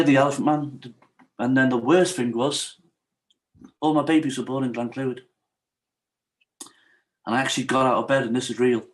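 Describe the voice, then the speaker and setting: A middle-aged man from Wales, a podcast guest telling his personal story in an earnest, confessional way. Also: mid-range voice. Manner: earnest, confessional, leans on "yeah" and "I said".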